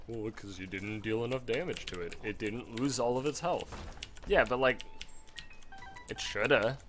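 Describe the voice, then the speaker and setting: A man's voice: medium pitch, pushed and bright, slight background noise. A man giving casual gameplay commentary from home at a desk mic, rambling into a profane story. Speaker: let's play gamer.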